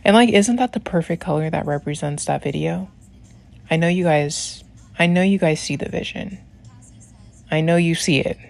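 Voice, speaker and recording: A young woman with a low voice and lots of vocal fry talks through her nail routine. She rambles casually, drifts into side stories and keeps dropping "like" between her steps. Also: normal speed, darkish tone. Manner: rambling, lots of "like", laughs while talking. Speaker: nail tutorial creator. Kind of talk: casual chatty tutorial voice-over.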